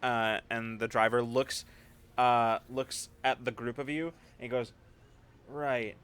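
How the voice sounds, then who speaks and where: A man's voice: mid-range voice, little pitch movement, unhurried, a bit bright, smooth. A male game master narrating a tabletop session in a loose, conversational way. His mid-range voice meanders through "like" and "um" as he describes the scene. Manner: casual, filler-heavy narration.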